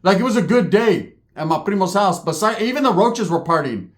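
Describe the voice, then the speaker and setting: A man telling a profane comedic story, slipping into high squeaky character voices. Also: lively intonation. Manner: rapid slangy delivery, jumps into high squeaky character voices.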